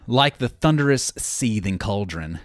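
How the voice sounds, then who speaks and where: A young man co-hosting a relaxed podcast chat. His pitch bounces around a lot while he cracks puns and reads labels aloud, and the recording is dry and close, with no room sound. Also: a little slow, no echo. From Alabama, USA. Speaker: podcast co-host. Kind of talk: casual chat.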